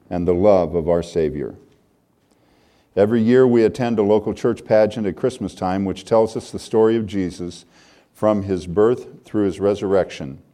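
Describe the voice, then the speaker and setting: A man's voice: on the low side, mellow. An older man preaching a sermon, reading a story aloud in an earnest, heartfelt way.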